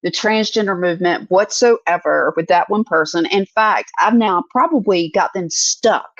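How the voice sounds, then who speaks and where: A woman's voice: on the low side, moderate pace, dry recording. A middle-aged woman, co-hosting a casual chat and telling stories with acted-out quotes. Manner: earnest, storytelling with acted-out quotes. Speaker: podcast co-host. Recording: dull, dry sound.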